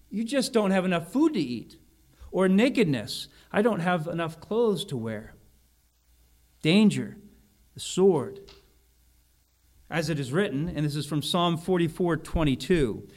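A man preaching an expository sermon, explaining a Bible passage in an earnest way and repeating key words for emphasis. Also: a little high.

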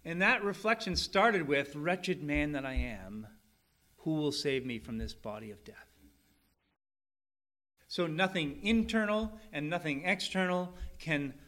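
A middle-aged male pastor delivering a sermon with a bright, forceful voice pitched a little high. He talks casually with the congregation and lifts into emphatic, animated readings of scripture.

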